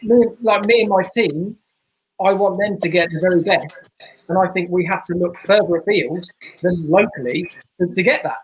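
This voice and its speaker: A man's voice: high-pitched, moderate pace, breathy edge, rough recording. A man, a barbershop owner, chatting earnestly as a podcast guest. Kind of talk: casual podcast chat.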